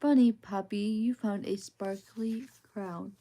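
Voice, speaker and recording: A woman reading children's picture books aloud as soft ASMR bedtime reading, in a gentle, sing-song rhythm. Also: medium pitch, steady tone, takes it slowly.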